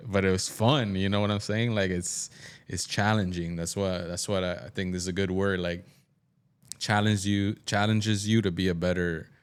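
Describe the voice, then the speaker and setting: A man talking as a podcast guest in casual chat, reflective and thinking out loud. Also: sits low, little pitch movement, moderate pace, clean tone.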